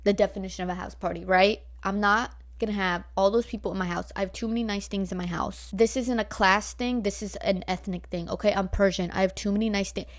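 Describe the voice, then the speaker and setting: A woman's voice: mid-range voice, fairly even intonation, fairly quick, hardly any pauses. A nineteen-year-old woman from Northern California, ranting bluntly at home into her laptop mic, swearing freely and filling her talk with likes and rights. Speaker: vlogger. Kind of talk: casual ranting storytime. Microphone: laptop built-in mic.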